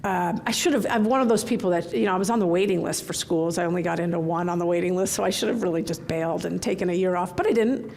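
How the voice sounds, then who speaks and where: Gravelly-voiced woman telling keynote stories. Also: fairly low pitch, fast, hardly any pauses, a little hiss or hum. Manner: storytelling, candid and animated. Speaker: keynote speaker. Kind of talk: conference keynote talk. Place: large conference hall.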